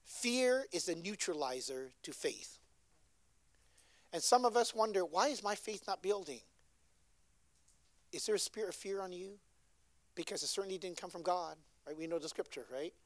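A woman's voice: on the low side, lively intonation, normal speed, no echo. Conversational woman preaching, dry sound. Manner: conversational, keeps asking "right?". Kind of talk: sermon.

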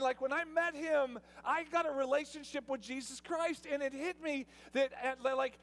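A man, a pastor, preaching a sermon in a storytelling way, repeating words and restarting, at times building to loud preaching. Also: very high-pitched. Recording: long reverb of a large hall.

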